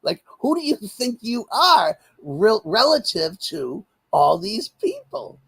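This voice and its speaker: An older man from the United States, a political commentator talking as an interview guest in an animated, rambling way with many restarts. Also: high-pitched, slow, vocal fry, husky.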